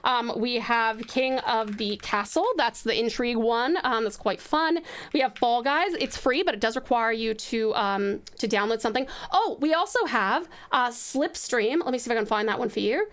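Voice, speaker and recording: A woman's voice: a little high, moderate pace, fairly bright tone. A woman from Tasmania hosting a casual live stream, chatty and affectionate with her viewers. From Tasmania, Australia.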